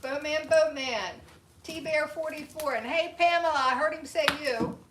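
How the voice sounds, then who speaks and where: A woman's voice: sits high, a little slow, noisy background. Teasing woman co-host in an echoey room. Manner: teasing, playful. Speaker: co-host reading viewer names. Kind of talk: casual livestream chat.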